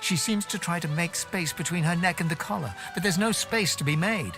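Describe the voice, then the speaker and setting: A man narrating a game in a measured, descriptive way. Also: sits high, over music. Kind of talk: scripted narration.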